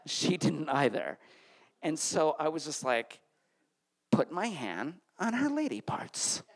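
A man from Connecticut tells a funny personal story live on stage, and his voice climbs and swoops widely as he goes. His delivery is animated, and it shoots up high whenever he recounts a flustered moment. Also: takes it slowly, breathy edge.

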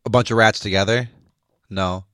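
A man's voice: on the low side, steady tone, normal speed, a bit bright, no room sound. A man co-hosting a casual beer-tasting podcast in a studio, cracking puns and laughing often. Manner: jokey, punning, laughs often. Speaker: podcast co-host. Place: recording studio.

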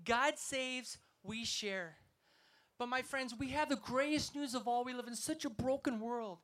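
A man's voice: very high voice, measured pace, a bit bright. A man preaching an emphatic sermon, telling stories and rousing his listeners. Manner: emphatic, rousing, storytelling delivery. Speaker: evangelist preacher. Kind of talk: festival sermon.

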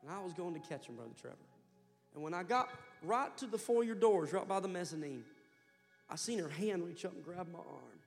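Brief: male pastor, high voice, fervent storytelling sermon, reverberant church, music faint behind. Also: expressive, brisk, vocal fry. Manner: impassioned storytelling preacher, building to loud fervor. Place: church sanctuary.

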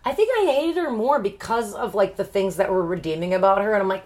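A woman's voice: mid-range voice, expressive, a little fast, a little mellow. A woman in casual chat, retelling a story and acting out the characters in quoted voices. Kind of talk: casual podcast chat recapping a novel.

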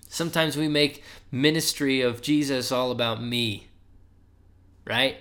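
A man's voice: on the high side, moderate pace, gravelly, fairly bright tone. A young adult man giving a casual podcast sermon as a preacher, conversational and often asking "right?", rising with emphasis when he urges his listeners.

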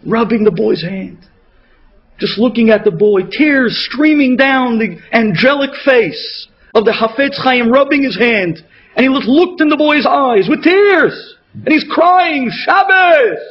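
Man, rabbi, emotional sermon storytelling, dramatic swings in pitch and loudness, husky voice, dull lo-fi radio recording. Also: animated, a little slow.

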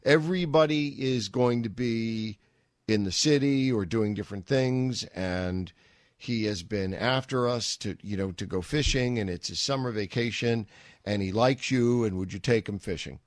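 A man's voice: fairly low pitch, normal speed, dry recording. A middle-aged man hosting a talk radio show, telling a rambling story with wry asides into a studio microphone.

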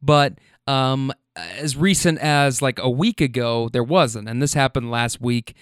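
A man working as a rideshare driver, telling stories in an animated way, swearing freely and using plenty of fillers. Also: medium pitch, a little slow, smooth, dry recording, studio quality. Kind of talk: casual storytelling.

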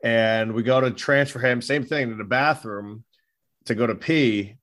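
A man with a mid-pitched voice swapping anecdotes on a podcast. He talks loosely and easily, with fillers sprinkled through his sentences. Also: a little slow, fairly bright tone. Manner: easygoing, filler-heavy. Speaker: physical therapist, podcast co-host. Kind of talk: casual storytelling chat.

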